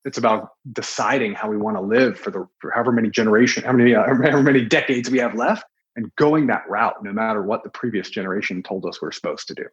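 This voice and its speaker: A man's voice: on the low side, quick pace, few pauses, breathy edge, highs cut off. A man in his late thirties, a podcast guest, speaking in an earnest, thoughtful way. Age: 30s. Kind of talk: reflective interview talk.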